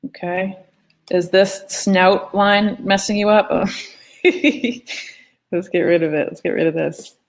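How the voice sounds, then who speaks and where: A woman's voice: medium pitch, steady tone, slow. A woman teaching a live online drawing lesson in a chatty, playful way, talking as she draws. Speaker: art teacher. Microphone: phone.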